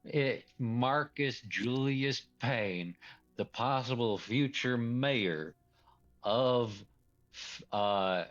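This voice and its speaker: A man's voice: mid-range voice, drawn-out words, fairly bright tone, lo-fi sound. A man running a tabletop role-play as game master, talking in a loose, rambling way and laughing often.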